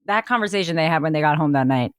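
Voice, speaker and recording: A woman's voice: sits low, animated, rapid-fire, clear, resonant tone, no room sound. Woman cohost chiming in with questions, casual, dry close mic. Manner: reactive, asks questions and chimes in. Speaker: podcast co-host. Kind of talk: casual chat.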